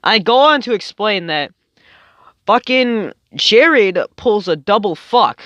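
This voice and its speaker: A young man tells a rambling personal story, packing every sentence with fillers and casual swearing. His voice sits a little high for a man. The recording sounds dull and lo-fi, with a dry, close sound. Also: expressive, slow, fairly bright tone, no echo. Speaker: storytime vlogger.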